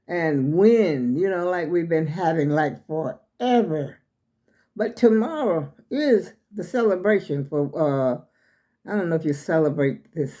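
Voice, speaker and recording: A woman's voice: on the low side, dark tone. An older woman, chatting casually to her viewers as she shows her skirts, a little out of breath. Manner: chatty and rambling, addresses viewers as y'all. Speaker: vlogger showing her clothes.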